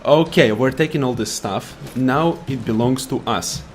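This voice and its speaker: Man, gameplay commentary, sarcastic rants, mid pitch, faint background hum. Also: moderate pace. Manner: ranting, sarcastic, taunts enemies. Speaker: gaming YouTuber.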